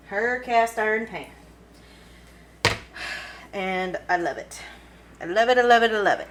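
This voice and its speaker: A woman's voice: mid-range voice, a bit bright, a little hiss or hum, rough recording. A woman with a Kentucky accent, chatting and giggling casually as she cooks in her home kitchen for a cooking vlog. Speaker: cooking vlogger.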